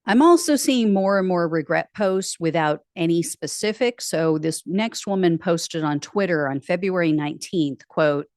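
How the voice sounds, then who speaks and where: A woman's voice: lowish voice, moderate pace, few pauses, a little mellow, no room sound, studio quality. A woman hosting a political news show, casually commenting and reading out posts with wry, sarcastic asides.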